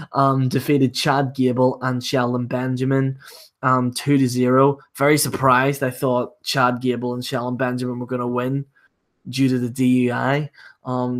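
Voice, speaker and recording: A young man talks in a casual livestream rant, blunt and dismissive, swearing freely. His voice sits at an ordinary middle pitch. He reviews a wrestling event with plenty of fillers.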